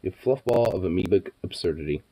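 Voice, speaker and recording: A man's voice: sits low, animated, brisk, mellow, husky. Stoned young man cooing at his pets. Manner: cooing baby talk and swearing at his pets, laughing often. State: stoned, sleepy. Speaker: vlogger. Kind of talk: casual late-night chat to his pets.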